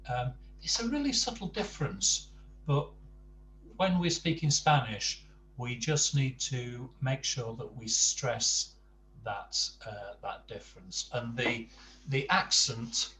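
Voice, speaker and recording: A man teaching a Spanish lesson to adult learners, explaining slowly and patiently with frequent ums and uhs. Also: fairly low pitch, fairly bright tone. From England. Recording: distant mic with faint hum.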